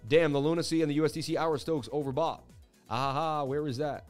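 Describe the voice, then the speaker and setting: Around forty, this man hosts a laid-back crypto livestream, reacting to viewer messages in a chatty, hyped and brisk way. His voice is a little high for a man with a steady tone, and soft music plays faintly in the background.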